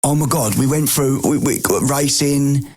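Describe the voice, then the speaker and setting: A man co-hosting a podcast, telling stories in casual chat with lively swearing. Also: medium pitch, unhurried, slight background noise. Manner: animated, swearing storyteller. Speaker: podcast co-host.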